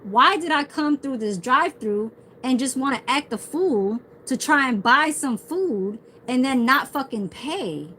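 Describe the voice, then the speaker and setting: Rambling, profane woman streamer with a slightly high voice, faint room ambience. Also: expressive, measured pace, hardly any pauses, sharp tone, a little hiss or hum, poor audio. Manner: heavy swearing, rambling storytelling. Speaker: livestreamer. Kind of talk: casual livestream rant.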